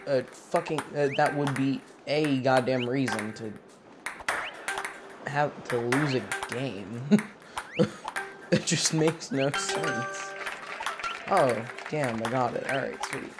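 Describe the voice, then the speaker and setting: A gamer giving casual, profanity-heavy commentary while playing, muttering to themself and breaking into loud frustrated outbursts. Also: medium pitch, slow, long pauses, over music. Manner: swears a lot, mutters to self between loud frustrated outbursts. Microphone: gaming mic.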